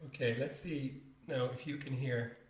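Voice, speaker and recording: Male podcast co-host, relaxed and laughing; echoey room sound. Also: medium pitch, moderate pace. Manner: relaxed, laughs often, tees up audio clips. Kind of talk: casual chat.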